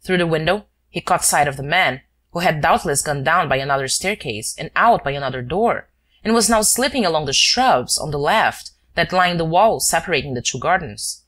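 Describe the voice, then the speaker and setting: Reading scripted narration for an audiobook, a deep-voiced woman tells the story in a steady, measured manner.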